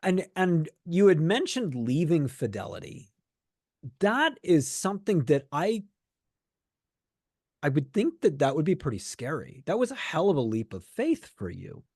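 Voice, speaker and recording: A man's voice: on the high side, wildly swooping pitch, measured pace, a little mellow, no echo, studio quality. A man hosting a podcast, asking curious, encouraging questions with some hesitant restarts. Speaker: podcast host. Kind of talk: interviewing.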